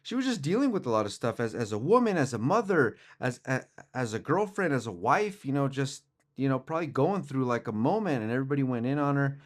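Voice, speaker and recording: A young man hosts a casual sports podcast, talking at an everyday middle pitch. He rambles from point to point, doubling back and filling gaps with ums and restarts. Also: big pitch swings, fast talker. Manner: rambling, conversational, many fillers and restarts. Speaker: podcast host.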